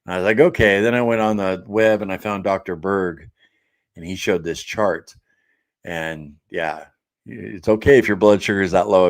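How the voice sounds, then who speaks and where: A man hosting a diet support live stream from his home office, chatting casually and reading viewer comments aloud with easygoing fillers and quick laughs. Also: low voice.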